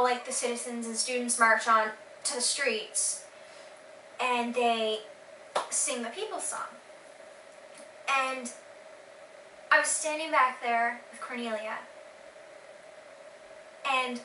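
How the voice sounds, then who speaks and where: Excitable teen vlogger, girlish voice, filler-heavy storytelling, roomy distant sound. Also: fairly high pitch, a little hiss or hum. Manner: gushing, excited, lots of fillers. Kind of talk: casual vlog storytelling.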